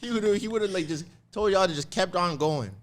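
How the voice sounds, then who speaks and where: A man's voice: high-pitched, brisk, slight background noise. A man from Canada co-hosting a podcast, giving firm opinions in casual chat. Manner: opinionated, emphatic. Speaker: podcast co-host.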